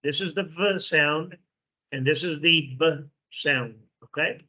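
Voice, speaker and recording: Slow, bright-voiced man teaching. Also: fairly high pitch. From Mexico. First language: Spanish. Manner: slow, repeats sounds, checks in with "okay". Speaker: English pronunciation teacher. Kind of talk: classroom phonetics lesson. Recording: dull lo-fi recording.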